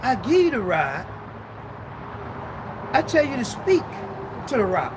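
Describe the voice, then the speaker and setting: A man preaching drops his voice to play God as a stern, commanding male figure. The tone sits well below his own, slow and warning. Each line lands as a rebuke to a servant who went against orders. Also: on the high side, sing-song, noisy background, voice pushed down. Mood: exasperated. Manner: scolding, warning.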